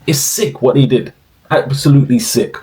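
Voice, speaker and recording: A man's voice: medium pitch, moderate pace, warm tone, poor audio. A young man giving slangy, profane, exclaiming commentary in a casual rant.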